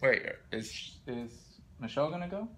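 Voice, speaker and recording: Low-voiced playful middle-aged woman. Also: lively intonation, moderate pace, slight background noise. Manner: playful, joking, sings off-key. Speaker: vlogger, mother. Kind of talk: casual family vlog chat.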